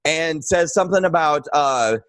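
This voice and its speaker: A man guest in a casual conversation, telling an anecdote with lively acted-out quotes and fillers. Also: fairly high pitch, normal speed, no echo. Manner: animated storyteller, acts out quoted lines.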